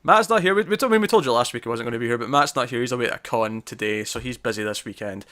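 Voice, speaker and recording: A young man hosts a relaxed podcast chat with a bright, ringing voice. He rambles, repeats himself and mocks his own slips. His pitch is mid-range for a man. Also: racing. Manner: self-mocking, rambling, stumbles over words. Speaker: podcast host. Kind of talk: casual chat.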